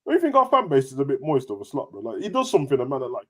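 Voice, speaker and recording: A young man, hosting a casual football chat with animated, slangy banter. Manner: animated, slangy, rapid banter with big pitch jumps. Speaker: football podcast host.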